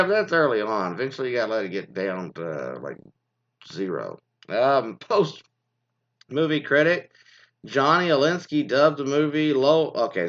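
A man giving a rambling, profane commentary, swinging between loud outbursts and low mutters. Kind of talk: ranting casual commentary. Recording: dull lo-fi recording.

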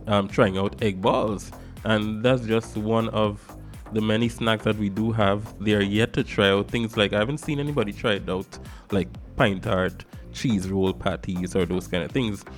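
A lower-voiced man with a Guyanese accent delivers a casual talk-show monologue as its host. He talks in an animated, emphatic way, hitting some words hard and then dropping into quieter asides. A faint music bed plays underneath. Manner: animated, emphatic, swings between loud stresses and soft asides.

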